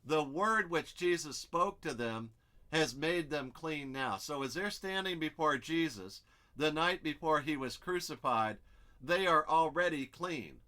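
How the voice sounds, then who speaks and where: A man's voice: on the high side, animated, unhurried, sharp tone. A man teaching an expository Bible study, explaining step by step and thinking aloud as he works through the text.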